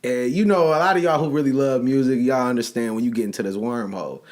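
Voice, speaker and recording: A man's voice: medium pitch, fast, darkish tone. A man co-hosting a podcast, playful and slangy, laughing easily as he talks. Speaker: podcast co-host. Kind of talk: casual chat.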